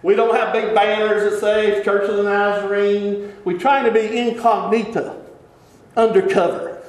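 A man preaching as a pastor, telling stories in an animated way, often laughing and dropping to hushed tones. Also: high-pitched, unhurried. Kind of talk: sermon storytelling. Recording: echoey church hall.

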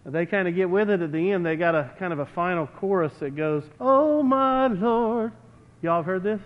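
High-voiced man chatting from a pulpit. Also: quick pace. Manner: chatty and playful, breaks into bits of song. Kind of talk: casual talk from the pulpit. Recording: dull sound with long hall reverb.

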